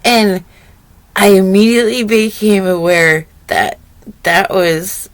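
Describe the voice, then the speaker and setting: A woman sharing reflective spiritual stories in a vlog, often breaking into laughter and getting animated as she retells funny moments. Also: slow pace, dry recording. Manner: animated retelling, rising pitch when excited. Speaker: vlogger.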